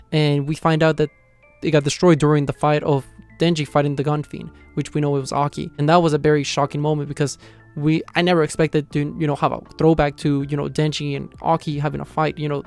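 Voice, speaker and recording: A man's voice: a little high, creaky, a little mellow, smooth. A man giving a casual, rambling recap of a manga chapter, filling his sentences with "you know". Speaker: manga reviewer.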